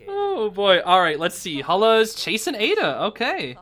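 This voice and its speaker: A man with a high-pitched, slightly slow voice streams live commentary on a tournament game match. He's excitable and chatty, thinking aloud and breaking into laughter.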